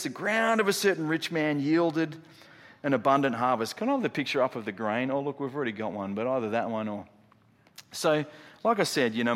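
Emphatic pastor in reverberant hall. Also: male voice, medium pitch. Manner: emphatic, rhetorical questions, swings from loud to hushed. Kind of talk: sermon. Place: church.

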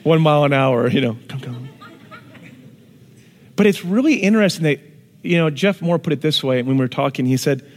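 Pastor, male, fairly high voice, animated sermon delivery, long church-hall reverb. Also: brisk, long pauses. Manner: animated, shifts from hushed to shouting for emphasis.

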